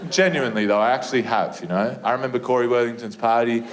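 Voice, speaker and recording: A young man with an Australian accent performing a stand-up set, telling an animated, sweary story and breaking into shrieked impressions. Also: mid-range voice, fast talker, heavy background noise. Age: young adult. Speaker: stand-up comedian. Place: comedy venue stage with a live audience. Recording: live room with audience laughter.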